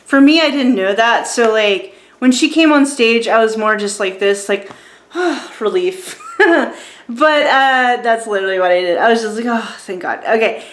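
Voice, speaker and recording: A woman in her forties tells a casual, rambling story, full of fillers and quick restarts. Her voice sits a little high. The room adds a noticeable echo. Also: expressive, a bit bright. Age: 40s. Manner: chatty and rambling, many fillers and restarts, laughs at her own stories. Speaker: vlogger reviewing a show. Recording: roomy echo.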